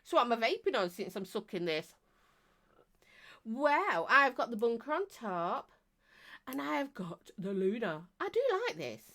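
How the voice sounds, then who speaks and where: A woman's voice: a little high, very animated, measured pace, fairly bright tone. A woman hosting a live stream, chatting casually and rambling as she greets viewers and laughs often.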